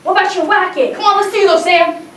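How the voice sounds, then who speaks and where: A woman voicing an energetic, laid-back male dance teacher who talks in hyped slang. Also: very high voice, fast, pitched above the performer's own voice. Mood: hyping. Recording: echoey and distant, noisy.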